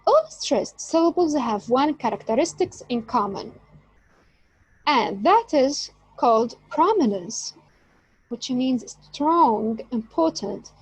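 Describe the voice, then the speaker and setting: A woman teaches an English lesson in a high, very lively voice that swoops up and down as she stresses syllables. She talks slowly and emphatically. The sound is close and dry. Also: slightly rough, no echo, low-quality recording. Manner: slow, emphatic teaching delivery. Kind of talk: online lecture.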